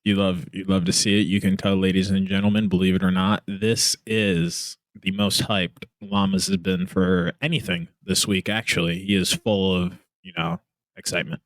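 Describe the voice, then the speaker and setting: A man's voice: low-pitched, moderate pace, no echo. A man hosting a casual podcast, trading teasing jokes with his guests. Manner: joking, teasing banter. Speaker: podcast host.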